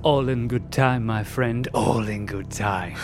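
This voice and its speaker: A man's voice: on the low side, music in the background. A man doing a pompous fake Edgar Allan Poe. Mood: ominous. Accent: put-on Southern American drawl. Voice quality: theatrical, grandiloquent, drawn-out delivery. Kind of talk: comedic audio drama.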